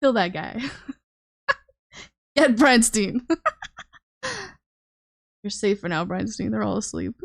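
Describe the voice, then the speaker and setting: A woman's voice: medium pitch, very animated, a little slow, gravelly, long pauses, dry recording, studio quality. A young woman, chatting casually and teasingly with her viewers on a live stream while she draws, swearing freely. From Canada.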